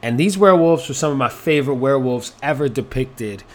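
A man's voice: mid-range voice, expressive, brisk. A man hosting a casual solo podcast, rambling and swearing freely, with many fillers and restarts. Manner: rambling, profane, lots of fillers. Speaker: podcast host.

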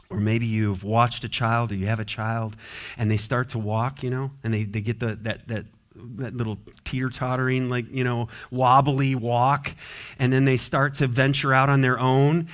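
Conversational pastor preaching. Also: male voice, medium pitch. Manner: conversational, acts out quotes and small scenes. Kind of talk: sermon.

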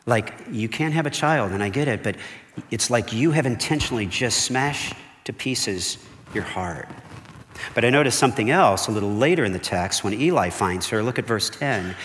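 A man's voice: lowish voice, lively intonation, moderate pace, fairly bright tone, a little hiss or hum. A man, a pastor, delivering a conversational sermon, often checking in with "okay?" and "right?". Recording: long hall reverb.

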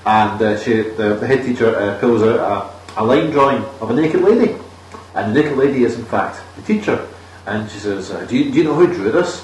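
A man's voice: mid-range voice, animated, a little fast, darkish tone, a little hiss or hum. A Scottish man tells the plot of a bad film in loose, sweary chat and acts out its characters. His voice sits in the middle range. He sounds distant from the mic in a room with a lot of echo. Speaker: podcast co-host. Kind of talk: casual film review chat. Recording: echoey room, far from the mic, faint ambience.

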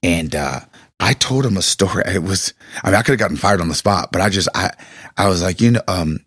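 A man's voice: low-pitched, expressive, fairly quick, fairly bright tone, husky, no room sound, studio quality. A man in his thirties, a pastor, chatting casually and telling an emotional personal story with stumbling restarts.

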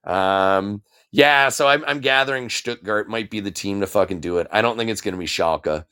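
A man's voice: on the low side, moderate pace, bright, forceful tone, clean tone. A man co-hosting a casual podcast chat, swearing often and thinking aloud as he weighs his picks. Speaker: podcast co-host.

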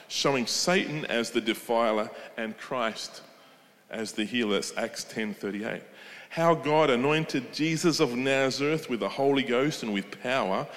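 Male preacher, mid pitch, emphatic sermon delivery, recorded with long reverb. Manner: emphatic, asks the congregation questions. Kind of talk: sermon retelling a story with commentary.

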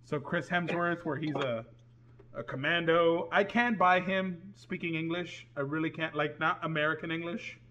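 A man's voice: on the high side, moderate pace, bright, forceful tone. Chatty man with a raised voice. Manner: talkative, joking. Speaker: podcast co-host. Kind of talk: casual chat.

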